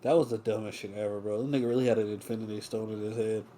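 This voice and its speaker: A man co-hosting a podcast, making fast, blunt comic remarks in casual chat. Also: lowish voice, steady tone, background noise.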